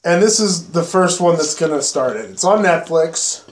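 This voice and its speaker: Animated man telling a story. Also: fairly high pitch, moderate pace, echoey room. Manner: animated, profane storytelling with acted-out exclamations. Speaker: podcast host. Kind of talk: casual chat.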